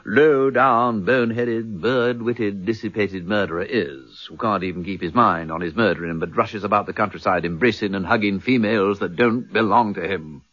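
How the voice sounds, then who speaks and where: An actor playing a flamboyant, teasing gentleman detective in a radio drama, with a husky edge. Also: lowish voice, normal speed, hardly any pauses. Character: witty aristocratic gentleman detective, playful. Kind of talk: 1970s radio drama acting. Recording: dull lo-fi radio recording.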